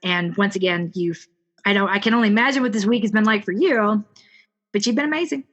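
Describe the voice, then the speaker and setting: A woman's voice: mid-range voice, fairly quick, a bit bright, dull audio. A woman fitness coach co-hosting a podcast, speaking candidly and directly in a heartfelt conversation.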